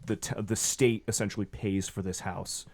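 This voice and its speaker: A man with a fairly low voice narrates a tabletop game as game master. He speaks casually, with filler words as he describes each scene. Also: fairly even intonation, normal speed, darkish tone.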